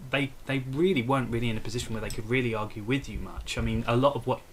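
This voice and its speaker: A male interviewer asking admiring, eager questions and filling pauses with murmurs of agreement. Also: mid-range voice, slight background noise.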